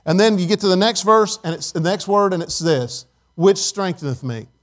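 Animated higher-voiced male preacher. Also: moderate pace. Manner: animated preaching that swings from loud emphasis to soft, hushed asides. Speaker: pastor. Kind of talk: sermon.

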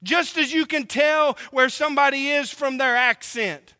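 Preacher, male, from Oklahoma; very high, bright delivery in a reverberant hall. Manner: emphatic, drawn-out preaching with rhetorical questions. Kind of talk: sermon.

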